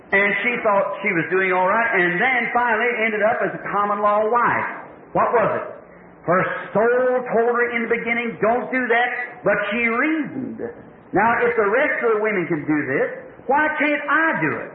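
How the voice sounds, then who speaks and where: Male preacher, fervent and pleading, high-pitched, thin echoey phone-like recording. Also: expressive, normal speed, slight background noise. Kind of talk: sermon.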